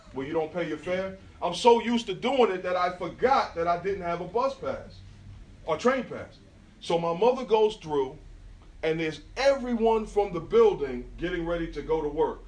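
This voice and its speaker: Telling animated stories in street slang, a middle-aged New Yorker with a matching accent gives an artist talk as a guest speaker, often checking in with the crowd. His voice is on the high side. The audio comes from a phone far across an echoey indoor venue with an audience.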